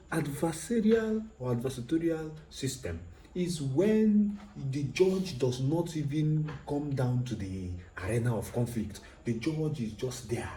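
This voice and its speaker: A man's voice: mid-range voice, mellow, reverberant, low-quality recording. A man teaching law in a recorded lecture, explaining step by step, repeating his points and asking rhetorical questions.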